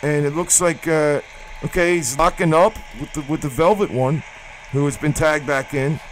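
A man doing mock wrestling play-by-play, rambling and excitable with sudden yelps. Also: a little high, moderate pace, slight background noise, poor audio. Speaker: play-by-play commentator.

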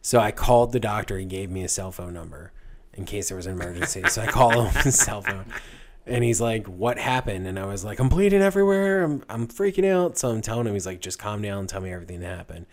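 A man in his thirties casually telling a long, animated anecdote on a podcast, laughing at his own story. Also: low voice, quick pace. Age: 30s. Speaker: podcast guest.

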